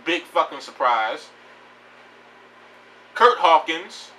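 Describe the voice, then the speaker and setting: A man rants bluntly and profanely about wrestling, his voice high-ish and bright, bouncing around in pitch. He rambles and restarts his sentences. He sits a bit back from the mic, with a faint hiss of noise behind him. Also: sing-song, slow, far from the mic, rough recording. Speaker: wrestling vlogger. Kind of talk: casual opinion rant.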